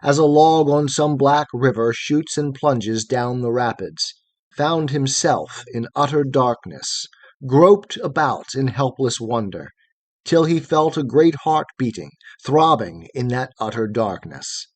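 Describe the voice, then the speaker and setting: A man narrating a long poem in a steady, rhythmic recitation. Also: mid-range voice, slow, no echo. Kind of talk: poetry reading.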